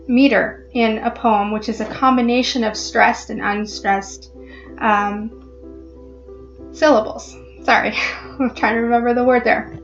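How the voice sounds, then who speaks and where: A woman vlogger explaining a poem in a casual, halting way, with many ums and restarts. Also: a little high, highs cut off. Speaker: literary vlogger.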